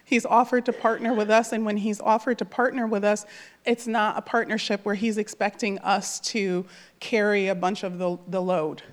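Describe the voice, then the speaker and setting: A woman's voice: medium pitch, level tone, moderate pace. Woman, thirties, heartfelt church testimony, earnest, emotional, casual fillers. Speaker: church member sharing a testimony.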